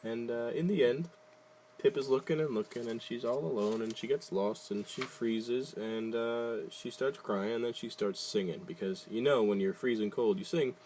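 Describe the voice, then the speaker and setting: A man's voice: medium pitch, moderate pace, a little mellow, a little hiss or hum. A man casually reading a picture book aloud, adding wry, jokey asides and loosely retelling the story. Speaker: reader.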